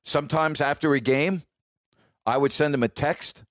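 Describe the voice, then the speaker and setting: A man's voice: fairly high pitch, steady tone, normal speed, fairly bright tone, dry recording, clean studio sound. A man who hosts a radio show, telling a story in a chatty, emphatic way and checking in with listeners. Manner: chatty, emphatic, repeats "all right?" to listeners. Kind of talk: casual storytelling.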